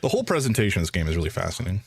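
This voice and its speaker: Low-voiced man streaming a detective game. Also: huge pitch swings, very fast, gravelly, husky, faint music behind. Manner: thinking aloud, hesitant, with frequent restarts. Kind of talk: casual live game commentary.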